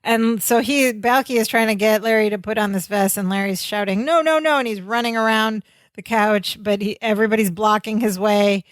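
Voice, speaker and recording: A woman's voice: mid-range voice, flat delivery, brisk, no echo. A woman co-hosting a podcast, retelling a sitcom episode scene by scene in casual chat. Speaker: podcast co-host.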